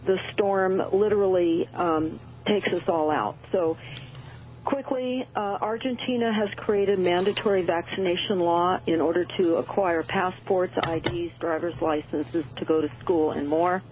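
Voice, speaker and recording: Casual: lady on a radio call, low voice, tinny phone sound, rushing and filler-heavy. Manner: urgent, many uh and um fillers. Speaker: guest.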